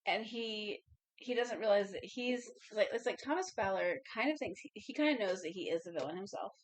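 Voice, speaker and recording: A woman's voice: medium pitch, lively intonation, a little fast, a little hiss or hum. Chatty woman podcast co-host. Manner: chatty, swears freely, finishes co-host's sentences. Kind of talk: casual movie discussion.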